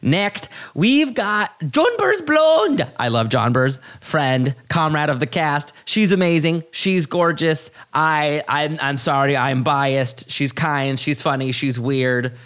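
A man hosting a podcast, talking in animated, exasperated, profane bursts that leap up high. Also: takes it slowly, few pauses, clear, resonant tone. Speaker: podcast host. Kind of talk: casual podcast commentary.

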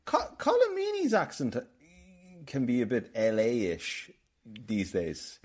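A man's voice: mid-range voice, huge pitch swings, slow, a little mellow, slightly rough. An Irish man hosting a casual film podcast, rambling and telling stories with lots of restarts. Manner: chatty, rambling, storytelling with many restarts. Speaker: podcast host.

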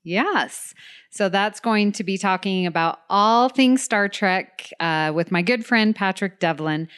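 A woman co-hosts a chatty podcast, speaking slowly and unhurriedly. Her voice is smooth and clear, with an enthusiastic, giggly manner. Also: mid-range voice, fairly bright tone. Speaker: podcast co-host. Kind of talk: casual chat.

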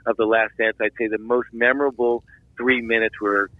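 A man from Philadelphia, a filmmaker guest, telling a long anecdote in an animated interview, with restarts and asides. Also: mid-range voice, moderate pace, no room sound, phone-quality sound. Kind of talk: storytelling interview.

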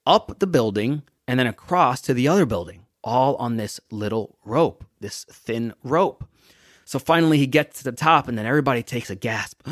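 A young adult man hosting a motivational podcast, telling a story and preaching with emphatic, drawn-out words. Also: mid-range voice, dry recording, studio quality. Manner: preachy, emphatic, stretching key words slowly.

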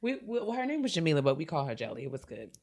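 A young woman co-hosting a podcast, reading letters aloud in a loud, playful, profane way and laughing often. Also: low voice, sing-song, racing, a crowd in the background. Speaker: podcast co-host. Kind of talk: casual chat, reading listener letters.

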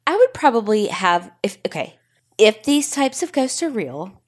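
A woman's voice: on the high side, big pitch swings, husky. A woman co-hosting a podcast, joking and swearing in casual chat. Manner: playful, swears, quick joking reactions. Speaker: podcast co-host.

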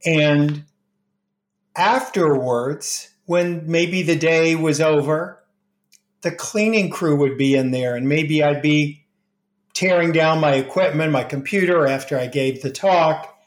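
A middle-aged man speaks slowly and gently, telling stories from his work and slipping into the voices of the people he quotes. His voice carries a roomy echo around it. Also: fairly high pitch. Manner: gentle, unhurried anecdotes with quoted dialogue. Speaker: grief expert guest. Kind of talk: storytelling in conversation.

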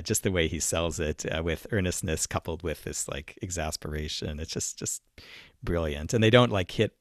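A man's voice: deep voice, no room sound, studio quality. A man co-hosting a podcast, talking in a thoughtful, rambling way with many restarts and fillers. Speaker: podcast co-host. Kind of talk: casual podcast discussion.

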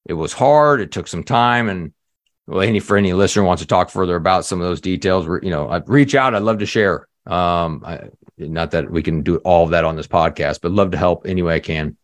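A man, a leadership coach guest on a podcast, telling a story in a lively conversational way, full of "you know" fillers and acted-out quotes. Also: low voice, a little fast, dry recording.

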